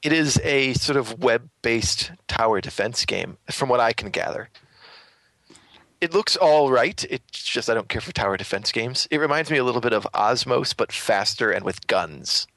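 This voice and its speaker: A man's voice: mid-range voice, expressive, moderate pace, a bit bright, no echo. A man co-hosting a podcast, chatting casually in a dry, teasing way. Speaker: podcast co-host. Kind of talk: casual chat.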